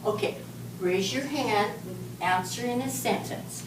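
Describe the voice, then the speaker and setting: A woman teaching a class of young children, speaking slowly and patiently as she leads clapping and rhythm chants. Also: fairly high pitch, a crowd in the background. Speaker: music teacher. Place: elementary school classroom. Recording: echoey classroom from far off, noisy.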